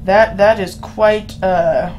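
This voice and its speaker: A woman's voice: mid-range voice, fairly even intonation, takes it slowly, a little mellow, a little hiss or hum. A woman, chatting casually and rambling to her viewers while streaming a game. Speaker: streamer playing a visual novel. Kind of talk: casual live-stream chat.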